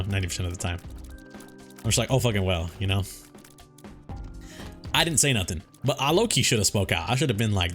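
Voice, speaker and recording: A man's voice: lowish voice, a bit bright. A young man telling a story in a laid-back, rambling way over gameplay, swearing freely as he goes. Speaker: gaming YouTuber.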